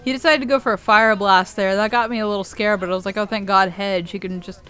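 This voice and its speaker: A woman's voice: mid-range voice, steady tone, quick pace, fairly bright tone, smooth. A young woman giving casual, rambling video game commentary, laughing often and swearing freely. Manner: giggly, rambling, swears a lot. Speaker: gaming YouTuber.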